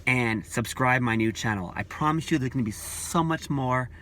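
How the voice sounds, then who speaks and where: A man's voice: mid-range voice, moderate pace, fairly bright tone, a little hiss or hum. A man vlogging about church leaders, talking in an earnest, repetitive, preachy way. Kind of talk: casual opinion vlog.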